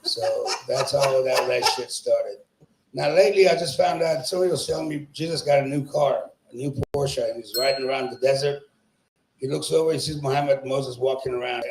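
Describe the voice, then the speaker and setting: A man's voice: mid-range voice, fairly quick, vocal fry, darkish tone. A man doing crude, profane stand-up comedy, teasing the crowd and laughing at his own jokes. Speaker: stand-up comedian at an open mic. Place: small comedy club. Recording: echoey club room.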